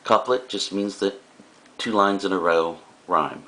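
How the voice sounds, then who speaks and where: A man's voice: low-pitched, unhurried, sharp tone. A male teacher giving a recorded lecture, explaining in a casual way with frequent fillers and asides.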